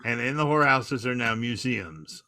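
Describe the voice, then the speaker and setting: A man chats on a podcast, piling up "like" as he winds through a long anecdote. His voice is bright and forward. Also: medium pitch, animated, moderate pace, slight background noise. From Long Island, New York. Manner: rambling anecdotes with filler "like". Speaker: podcast co-host. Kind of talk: casual chat, storytelling.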